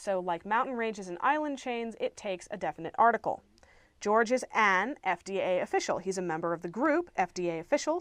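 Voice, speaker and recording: A woman teaching an English grammar lesson, explaining clearly and patiently with playful asides. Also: mid-range voice, dry recording.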